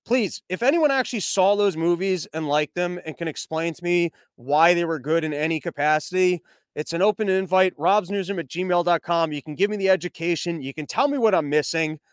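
A young man rambles through the news with a sarcastic, mocking edge, stopping to read sponsor spots. His voice sits high and comes through smooth and clean. The close mic leaves it dry, with no room sound. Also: a little fast, no echo. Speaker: news commentary host. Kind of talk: sarcastic news commentary with ad reads.

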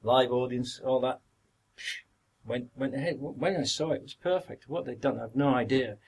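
Older Yorkshire man, husky voice. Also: medium pitch, moderate pace, rough recording. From Yorkshire, northern England. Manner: rambling, repeats words, acts out others' lines. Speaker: actor, podcast guest. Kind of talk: anecdotal interview reminiscence.

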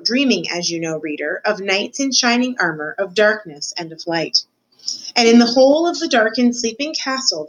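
A woman's voice: medium pitch, a bit bright, low-quality recording. A woman reading a children's novel aloud, speaking directly to the listener and making the odd small slip. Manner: addresses the listener as reader, with small slips. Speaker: reader.

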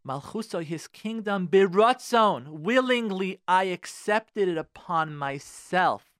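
A man's voice: high-pitched, a bit bright, no echo, studio quality. A man giving a Torah lecture as a rabbi, speaking emphatically and often asking the listeners rhetorical questions.

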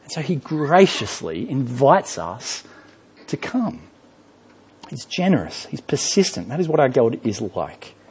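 A man preaching a sermon in a church, telling a story with lively rhetorical questions. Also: mid-range voice, a little slow, breathy edge. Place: church hall.

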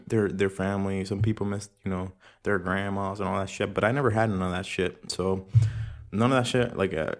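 A young man hosting a casual solo podcast, rambling in laid-back, profane slang. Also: lowish voice. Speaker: podcast host. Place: room at home with audible room echo.

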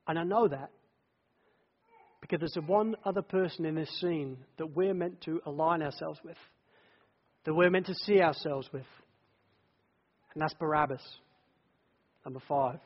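A man preaching a sermon, telling the story dramatically, swelling from hushed lines to loud ones and repeating phrases in threes. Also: a little high, normal speed, long pauses, breathy edge, in a large hall, highs cut off.

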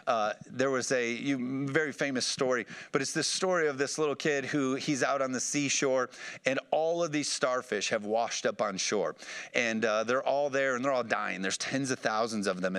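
A man preaching a sermon, animated and calling for responses from the congregation. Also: mid-range voice. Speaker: pastor.

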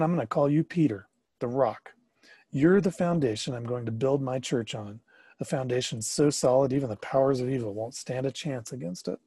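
A man voicing a calm, firm adult male spiritual teacher in a storybook reading, gentle but commanding. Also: medium pitch, husky, dry recording, clean studio sound. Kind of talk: storybook narration.

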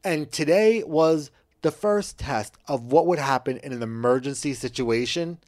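A man's voice: a little high, animated, unhurried, a little mellow. A man co-hosting a podcast, trading wry, profane banter in casual chat. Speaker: podcast co-host.

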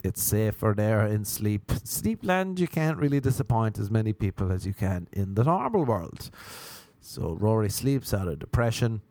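A man's voice: fairly low pitch, big pitch swings, moderate pace, darkish tone, no echo. An Irish man telling a rambling, sweary comic story as host of his show. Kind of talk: comic monologue.

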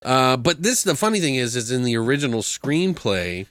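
Bright-voiced man telling a racy story. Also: normal speed, no echo. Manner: animated storyteller, swears freely, acts out quotes in high voices. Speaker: podcast host reviewing a film. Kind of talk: casual chat.

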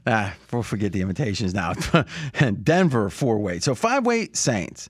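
A man hosting a casual sports-betting podcast, rambling in animated asides. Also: lowish voice, unhurried, husky, dry recording, studio quality. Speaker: podcast host.

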